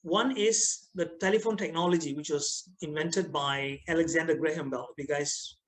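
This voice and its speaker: This is an online class led by a middle-aged Malaysian English speaker who teases his students and keeps asking them questions in an animated way. He talks at a moderate pace with a voice on the high side, captured in poor audio.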